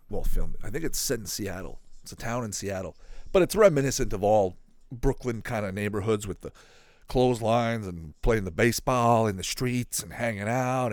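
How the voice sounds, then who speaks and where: A man giving casual live commentary as he watches a video, excitable and thinking aloud, often asking his viewers questions. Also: mid-range voice, dry recording, studio quality. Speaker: reaction video host.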